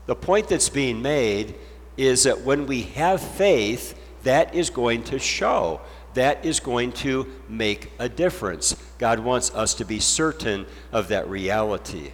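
A pastor delivers his sermon in a slow, measured cadence. He leans on repetition to drive each point home. His voice rings out with a long reverb, as if in a church hall. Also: mid-range voice, lively intonation. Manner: slow, deliberate preaching with emphatic repetition.

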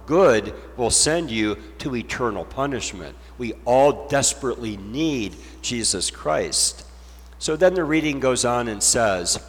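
A pastor delivers his sermon in a slow, measured cadence. He leans on repetition to drive each point home. His voice rings out with a long reverb, as if in a church hall. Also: mid-range voice, animated. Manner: slow, deliberate preaching with emphatic repetition.

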